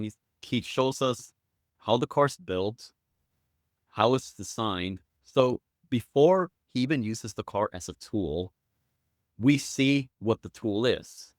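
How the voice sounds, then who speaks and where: A man's voice: medium pitch, dry recording, studio quality. A man guesting on a podcast, chatting casually and acting out quotes with enthusiasm. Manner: enthusiastic storyteller, acts out quotes.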